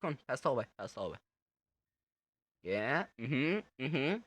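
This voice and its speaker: A man's voice: medium pitch, very animated, unhurried, pauses often. A young man casually joking through a horror game, teasing the monster with lots of laughter. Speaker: gamer playing a horror game. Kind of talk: casual let's-play commentary.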